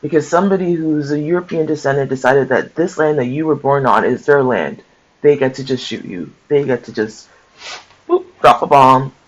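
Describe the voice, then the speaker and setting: A man's voice: mid-range voice, brisk. A man sharing a book aloud, mixing passages he reads with casual, emotional commentary of his own. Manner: conversational, mixes reading aloud with emotional asides. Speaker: book-share host. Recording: dull lo-fi sound.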